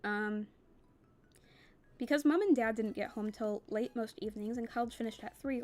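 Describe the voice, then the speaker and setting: A young woman reads a novel aloud, keeping the narration steady and plain. Her voice sits a little high, and she drops into relaxed, chatty asides between passages. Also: a little fast. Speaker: reader.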